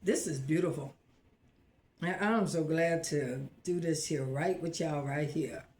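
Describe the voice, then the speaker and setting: Woman, home cooking host, casual live chat, excitable, laughs often, slow drawn-out delivery, roomy echoey kitchen. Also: low voice. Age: adult, married. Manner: chatty and excitable, laughs often, talks straight to viewers. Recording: roomy echo.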